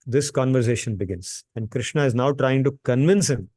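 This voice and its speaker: A man's voice: medium pitch, normal speed, a little mellow, breathy edge. A man with a mid-range voice teaches a scripture class in a patient, conversational way. He repeats points for emphasis and often checks in with the listener with a rhetorical "right?". The recording is dry and close, with no room echo. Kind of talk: explanatory lecture on scripture.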